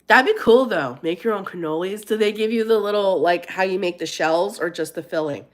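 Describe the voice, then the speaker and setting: A woman's voice: medium pitch, brisk. A woman from Pennsylvania hosting a casual live chat, reading and answering viewer comments and laughing often. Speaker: live stream host.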